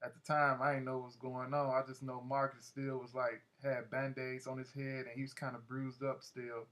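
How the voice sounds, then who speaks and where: A man's voice: mid-range voice, flat delivery, normal speed, fairly bright tone. Man telling a story casually. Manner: loose, slangy, many "like" fillers. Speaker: narrator. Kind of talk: casual first-person audiobook storytelling.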